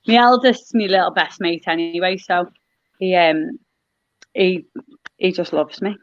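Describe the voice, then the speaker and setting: A woman guest in a casual chat over a video call, speaking earnestly in halting phrases with many restarts. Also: on the low side. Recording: dry, dull lo-fi call audio.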